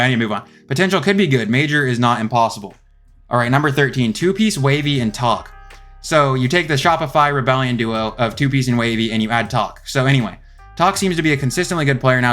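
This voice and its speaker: Fast-talking young man ranking rosters. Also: medium pitch, fairly bright tone. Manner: rambling, thinks aloud with many self-corrections. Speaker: esports video host. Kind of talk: casual commentary ranking rosters. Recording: faint guitar music behind.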